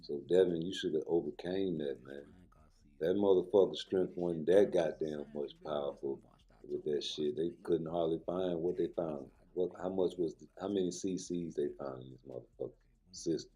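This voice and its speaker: Low, dark-voiced man ranting about boxing. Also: moderate pace, husky. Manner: heated slangy rant, ends phrases with "man". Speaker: vlogger and personal trainer.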